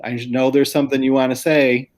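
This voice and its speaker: This man's voice sits at medium pitch with little movement and runs a little fast. He's a school district administrator earnestly walking a planning group through plans on a video call.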